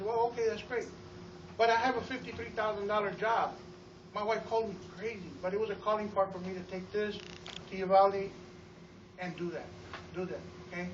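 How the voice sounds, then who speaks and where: A man giving an energetic testimonial to a live audience about running his store, telling stories with acted-out quotes and often repeating words. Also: high-pitched, a little hiss or hum. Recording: roomy, distant, dull sound.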